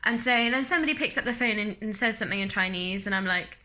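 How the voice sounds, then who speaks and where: Brief: young British woman vlogger, bright tone, chatty and self-mocking storyteller. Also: mid-range voice, fast. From United Kingdom. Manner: chatty, self-mocking, animated retelling with laughs. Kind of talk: casual storytelling vlog.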